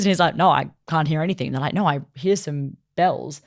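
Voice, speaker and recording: A woman co-hosting a casual anime chat, retelling a plot in animated style and acting out the characters' lines with lots of "like". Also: low voice, quick pace, vocal fry. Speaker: podcast co-host reviewing anime.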